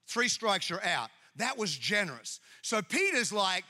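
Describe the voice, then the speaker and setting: A male pastor delivers a lively sermon with a high, bright, forceful voice, joking and repeating his words as he builds his points. The sound carries a long echo from a large hall. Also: measured pace. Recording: echoey hall with long reverb.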